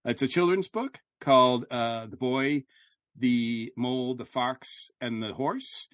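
A man's voice: medium pitch, slow, fairly bright tone, dry recording, studio quality. A man hosting a podcast in casual chat, upbeat and jokey with plenty of fillers. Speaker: podcast host.

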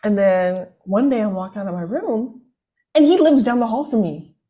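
A woman's voice: mid-range voice, expressive, normal speed, mellow. A young woman, a college student, telling a long story in casual chat, full of fillers and restarts. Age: young adult. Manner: rambling, filler-heavy, self-interrupting.

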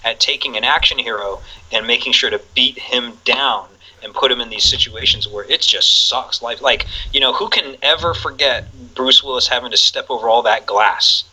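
A man's voice: mid-range voice, normal speed, few pauses, bright, forceful tone, slightly rough, low-quality recording. A man in casual chat, talking enthusiastically and rambling with plenty of fillers.

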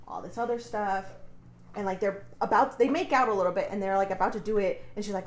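A woman's voice: mid-range voice, fast. Chatty young woman, echoey room. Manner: chatty, swears freely, heavy use of "like". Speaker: podcast co-host. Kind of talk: casual recap of a book.

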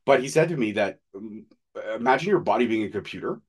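Guy in his 30s rattling off stories quick, low voice, swears a lot, chill podcast chat. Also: lively intonation, husky. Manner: candid, profane storytelling. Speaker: podcast co-host.

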